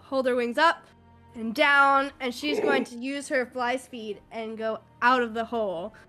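Bright, high-voiced woman running a game. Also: steady tone, unhurried, faint music behind. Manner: chatty, laughing, loose narration. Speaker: game master. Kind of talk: narrating a tabletop game.

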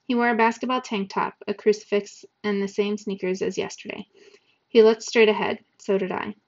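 A woman reading a novel aloud to students in an even, measured storytelling manner. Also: mid-range voice. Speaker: reader. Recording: dull lo-fi recording.

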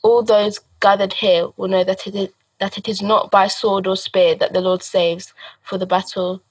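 A man's voice: high voice, normal speed, slightly rough, no room sound, recorded from a distance, low-quality recording. A man reading scripture aloud at a service, correcting himself as he goes. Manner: steady reading with self-corrections. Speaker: scripture reader.

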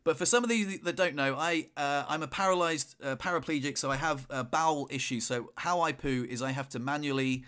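A young man with a bright, slightly high voice tells a story on a podcast. He leans into the dramatic moments, and his voice stays clear and forward. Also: a little fast, hardly any pauses. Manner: animated storyteller, shouts in retold moments. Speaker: podcast co-host. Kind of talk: casual chat, storytelling.

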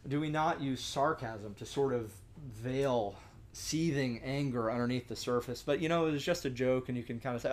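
A young man leads a church discussion, teaching in an earnest, conversational sermon style full of restarts and rhetorical asides. He speaks at medium pitch and a moderate pace.

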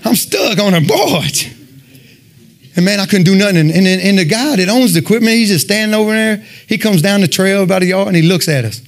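A man giving a fervent sermon and personal testimony, telling his story in an animated way and peppering it with "man.". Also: high-pitched, quick pace, few pauses. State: sweating, winded after worship. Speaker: lay preacher giving testimony.

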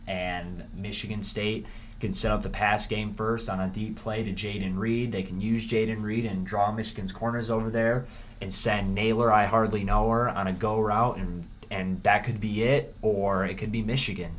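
Low-voiced rambling sports talker. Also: male voice, moderate pace, slight background noise. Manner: rambling, animated, frequent restarts. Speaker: sports podcast host. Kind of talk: casual sports preview talk.

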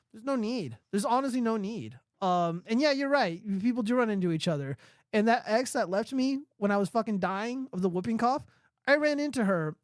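A man's voice: high voice, clear, resonant tone, no room sound, studio quality. Profane rambling male livestream host. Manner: profane, rambling, reading and answering chat. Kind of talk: casual livestream rant.

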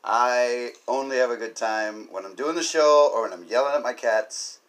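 Male comedy podcast host, loose rambling monologue, self-deprecating goofball, average pitch. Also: normal speed. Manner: rambling, goofy, self-mocking jokes.

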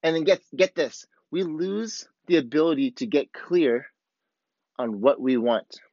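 A man's voice: a little high, animated, measured pace, darkish tone, no room sound. A man coaching surfers, talking candidly and bluntly to camera, swearing freely as he walks through his own feelings. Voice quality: blunt, profane and self-revealing. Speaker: surf coach. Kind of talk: candid motivational talk to camera. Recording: dull, slightly lo-fi dry recording.

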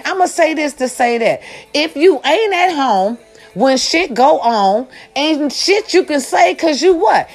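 A woman's voice: a little high, lively intonation, unhurried. A woman vlogger delivering an angry, emphatic, profane rant straight to camera, repeating lines for effect. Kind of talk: ranting monologue to camera.

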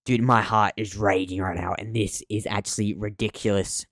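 A man's voice: on the low side, steady tone, normal speed, fairly bright tone, dry recording, studio quality. A man co-hosting a podcast in casual chat, agitated and stammering with restarts. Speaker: podcast co-host.

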